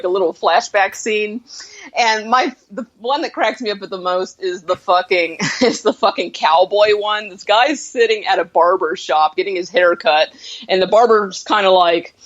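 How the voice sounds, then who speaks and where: A woman's voice: medium pitch, highs cut off. Laughing woman retelling a movie. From southern United States. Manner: laughing often, animated retelling with swearing. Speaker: podcast co-host. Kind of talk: casual movie review chat.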